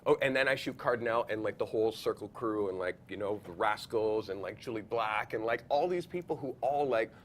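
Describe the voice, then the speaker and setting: A man in his forties, a photographer, telling stories as a podcast guest, acting out quotes with big jumps in pitch and frequent laughs. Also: brisk, hardly any pauses, a little hiss or hum. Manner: acts out quoted voices, jumps high in pitch, laughs often, many filler likes. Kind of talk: animated storytelling in a podcast interview. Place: podcast studio.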